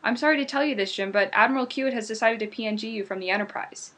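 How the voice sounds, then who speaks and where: A woman's voice: on the high side, racing, a bit bright. A woman playing a stern female Starfleet admiral who speaks formally and apologetically.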